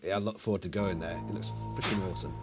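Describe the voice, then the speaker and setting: A man's voice: deep voice, steady tone, fast talker, soft background music. A man co-hosting a casual watch-along chat, playful and nitpicky, with mock indignation. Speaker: co-host.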